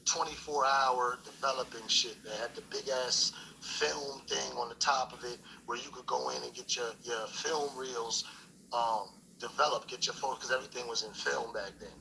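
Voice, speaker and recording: A man's voice: medium pitch, steady tone, moderate pace, creaky, pushed and bright, a little hiss or hum, poor audio. A middle-aged man telling a story in a laid-back, profane street style, full of fillers. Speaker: guest storyteller. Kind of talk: casual storytelling chat.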